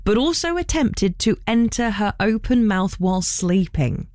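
Lively woman co-hosting radio. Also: mid-range voice, a little slow, no room sound, studio quality. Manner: laughs easily, reads listener entries playfully. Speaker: radio co-host. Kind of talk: breakfast radio banter. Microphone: studio radio mic.

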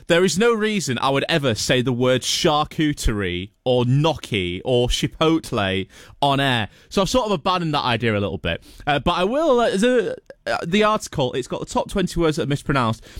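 Male radio presenter, slightly high voice, playful chatty delivery, dry studio sound. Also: big pitch swings, fairly quick, a bit bright, dry recording. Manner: chatty and playful, light stumbles. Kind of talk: casual radio chat.

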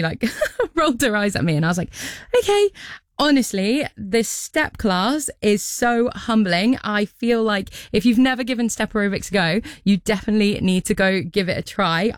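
A woman's voice: medium pitch, fairly quick, dry recording, clean studio sound. A woman radio presenter filling in on a show, chatting casually and cheerfully with listeners, laughing often. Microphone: studio microphone.

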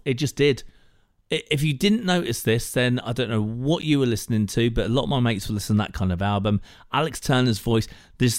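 A middle-aged man hosting breakfast radio, telling a chatty, animated anecdote into a studio microphone. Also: mid-range voice, dry recording. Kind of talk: casual radio chat.

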